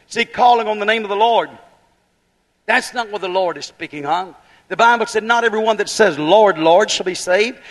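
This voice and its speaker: High-voiced preacher in a reverberant hall. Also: male voice, moderate pace. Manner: preaches in rising, emphatic bursts, with rhetorical questions. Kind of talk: fiery holiness sermon.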